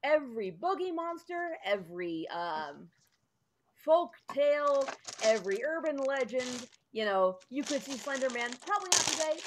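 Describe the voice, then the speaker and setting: A woman's voice: fairly high pitch, a little hiss or hum. A woman running a tabletop game as game master, explaining the rules in a chatty way with lots of ums.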